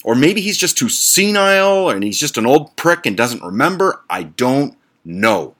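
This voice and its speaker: Male podcast host, sweary exasperated storyteller, lively pitch. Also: measured pace. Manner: blunt, profane, exasperated. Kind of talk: profane ranting storytelling.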